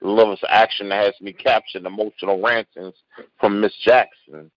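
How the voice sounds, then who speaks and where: A man with a fairly low voice recites his spoken word poetry slowly and with deliberate weight. He is a guest poet on an online call. The audio is dry and muffled, with the dull sound of a lo-fi call. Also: steady tone, no room sound.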